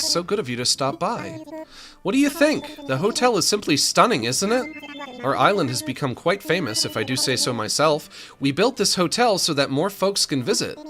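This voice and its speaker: A man voicing a polite, businesslike male raccoon shopkeeper with a genteel, smooth salesman manner. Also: a little high.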